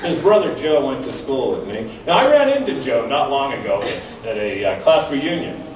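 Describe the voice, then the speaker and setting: A man performing a stand-up comedy set, telling stories deadpan, each ending on a punchline. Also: mid-range voice, normal speed. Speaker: stand-up comic. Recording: roomy, distant mic with background noise.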